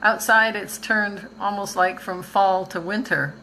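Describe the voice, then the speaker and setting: A woman's voice: medium pitch, fairly even intonation, a little slow, pushed and bright, slight background noise, rough recording. An older woman from Canada, a visual artist chatting casually and rambling on a live stream, laughing easily.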